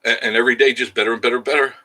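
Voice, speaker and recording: A man's voice: medium pitch, steady tone, rapid-fire, pushed and bright, rough recording. A man hosting a casual livestream, chatting in a rambling, candid way as he reads out viewer comments. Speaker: livestream host.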